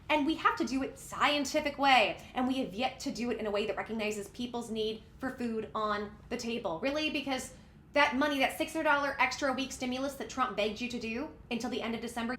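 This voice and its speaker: A woman rants in a heated, sarcastic way, firing back at every quote she reads. Her voice is high-pitched, bright and sharp. The room around her has a clear echo. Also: brisk. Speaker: political commentary vlogger. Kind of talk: heated casual commentary.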